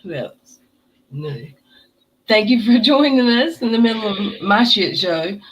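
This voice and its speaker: A woman's voice: medium pitch, expressive, unhurried. A woman hosting a livestream, joking and rambling in casual chat. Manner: jokey, rambling, self-mocking. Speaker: host.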